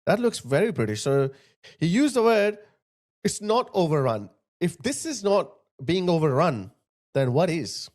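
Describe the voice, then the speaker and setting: A man riffs angrily over clips he is showing, pressing the same rhetorical questions again and again. His voice sits a little high and leaps up and down in pitch as he gets worked up. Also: very animated, measured pace, a little mellow. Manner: indignant, rhetorical, repeated questions. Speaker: online political commentator. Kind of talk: heated commentary over video clips.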